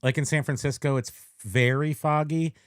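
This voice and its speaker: A man's voice: a little high, fairly even intonation, normal speed, clear, resonant tone, dry recording, clean studio sound. A man hosting a podcast in casual chat, rambling and joking as he goes. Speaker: podcast host.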